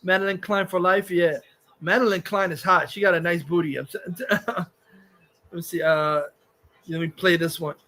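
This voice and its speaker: Casting: high, bright male streamer, crude rambling rant, frequent laughs. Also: steady tone, moderate pace. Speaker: streamer host. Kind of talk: casual livestream rant.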